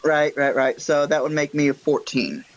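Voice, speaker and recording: A man's voice: fairly high pitch, steady tone, moderate pace, dry recording, dull audio. A man playing a tabletop game, talking in a hesitant, fumbling way. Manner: hesitant, fumbling, self-conscious laughs. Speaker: player. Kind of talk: casual chat.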